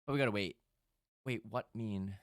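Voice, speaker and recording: A man streaming live, chatting casually with his audience and breaking into loud bursts of laughter. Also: on the low side, normal speed, dry recording, clean studio sound.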